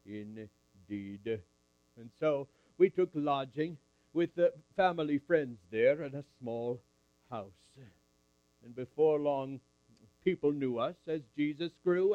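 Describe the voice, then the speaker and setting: A man's voice: on the high side, dry recording, muffled recording. A man at a camp meeting, telling a Bible story in character in the first person and calling up audience volunteers. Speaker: camp speaker.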